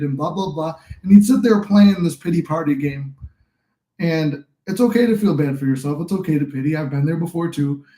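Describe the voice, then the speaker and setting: Young male host, slightly high, mellow voice, rambling, encouraging livestream talk, echoey room. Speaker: livestream host and manifesting coach. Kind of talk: casual live-stream advice talk.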